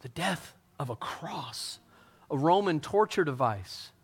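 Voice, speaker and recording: Male pastor, fairly high voice, lively conversational sermon delivery. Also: takes it slowly, husky. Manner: animated storytelling, acting out scenes, conversational.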